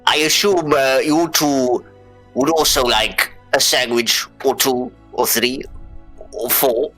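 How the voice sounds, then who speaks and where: A man's voice: mid-range voice, fairly even intonation, takes it slowly, bright, forceful tone, faint music behind. A man playing a character in a live tabletop game, theatrical and playful. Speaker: player.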